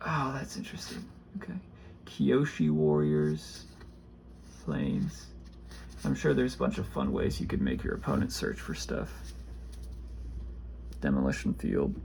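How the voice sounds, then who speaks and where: A man casually opening trading card packs, reading card names aloud and chatting about them in a rambling, low-key way. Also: sing-song, measured pace, gravelly, long pauses, a little mellow, a little hiss or hum. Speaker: card pack opener. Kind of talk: casual pack-opening commentary.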